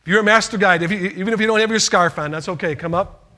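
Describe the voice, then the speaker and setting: A man's voice: high-pitched, fast talker, sharp tone. A man leading a church youth award ceremony as youth leader, speaking in an upbeat, encouraging, folksy way.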